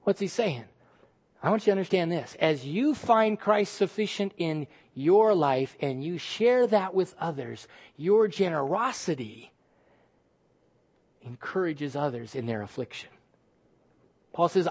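A man preaching a sermon as pastor, with emphatic delivery that drops to soft, hushed phrases. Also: on the high side, lively intonation, moderate pace.

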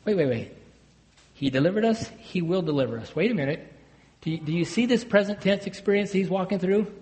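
A man preaching a sermon as a pastor, swinging between loud emphatic bursts and hushed, low phrases. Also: lively intonation, brisk. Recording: long hall reverb.

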